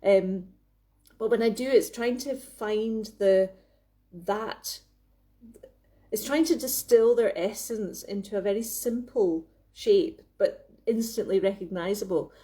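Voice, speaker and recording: A woman's voice: mid-range voice, slow pace, dark tone. A woman hosting a casual live video chat from her craft workspace, talking into her phone in a rambling way, with lots of restarts and laughs. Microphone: phone camera.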